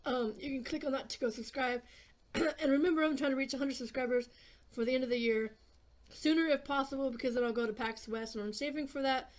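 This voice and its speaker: A woman with a fairly high voice, chatting through an eating vlog. She rambles and talks offhand, with plenty of fillers and some casual swearing. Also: fairly even intonation, brisk. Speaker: vlogger.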